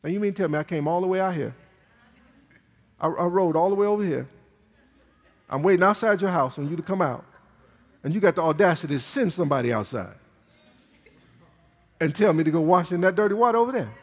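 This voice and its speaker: A man voicing a proud, indignant male army commander who rants in quick, offended bursts. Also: high voice, expressive, voice pushed down. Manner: affronted, ranting, rapid bursts. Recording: long reverb in a large hall.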